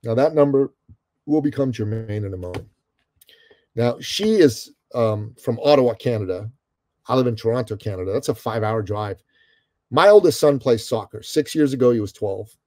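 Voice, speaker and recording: A middle-aged man from Iran, a guest telling a story in an interview, animated and calling the host brother. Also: mid-range voice, moderate pace, no echo.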